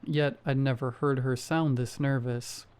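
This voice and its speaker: A man reading a first-person horror story aloud in a steady storytelling manner. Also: medium pitch, measured pace, clean tone. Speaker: story narrator. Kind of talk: scripted horror narration.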